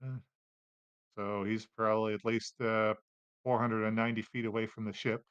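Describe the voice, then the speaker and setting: Acting as game master, a man narrates a tabletop game in a relaxed, unhurried way with lots of fillers. His voice is lowish and smooth, recorded dry and close to the mic with no echo and the highs cut off.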